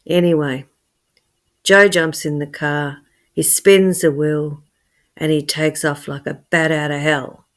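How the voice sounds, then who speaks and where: Slow-talking woman storyteller. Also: low-pitched. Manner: expressive, swings from hushed to loud. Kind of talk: dramatic spoken storytelling.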